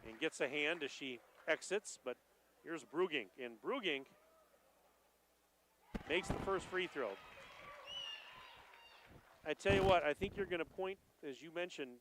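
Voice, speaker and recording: A man doing live play-by-play for a high school basketball game, excited and rising to shouts at the big plays. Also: measured pace, pauses often, slight background noise, poor audio. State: out of breath. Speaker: play-by-play announcer.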